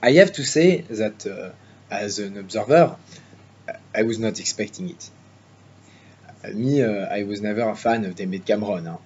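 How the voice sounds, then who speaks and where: A man's voice: lowish voice, normal speed, pauses often, a little mellow, lightly acted. Man doing a pompous French-accented chauvinist, lecturing, mocking, slightly dull recording, faint hum. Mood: smug, lecturing. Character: smug chauvinist Frenchman giving a speech. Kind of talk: mock speech for interpreting practice.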